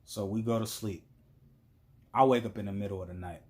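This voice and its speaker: A man's voice: fairly low pitch, steady tone, a little fast, darkish tone. A man telling a story in a casual, blunt and profane monologue as a vlogger.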